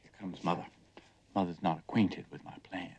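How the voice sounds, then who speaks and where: A dreamy young man in a 1950s film, with a lowish voice. He broods bitterly, restless to get away. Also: fairly even intonation, moderate pace, darkish tone, husky. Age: young adult. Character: restless young man yearning to leave home. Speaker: restless son.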